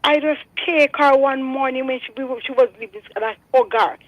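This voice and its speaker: Older Jamaican woman, phone-in caller, high voice, dry phone line, earnest and preachy. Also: moderate pace, no room sound. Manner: earnest, preachy, repeats herself. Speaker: radio caller. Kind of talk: phone-in testimony. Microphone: telephone.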